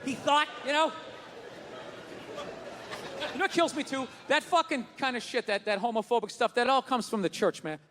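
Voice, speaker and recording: A man's voice: very high-pitched, animated, quick pace, few pauses. A man doing a profane, ranting stand-up comedy routine, mocking people with put-on voices. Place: comedy stage before a live audience. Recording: reverberant venue with crowd and noise.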